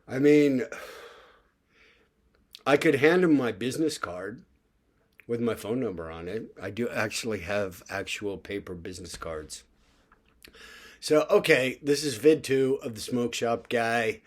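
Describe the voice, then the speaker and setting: A man's voice: medium pitch, unhurried, long pauses. An older man talking in a casual, rambling vlog monologue, full of fillers and asides. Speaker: vlogger.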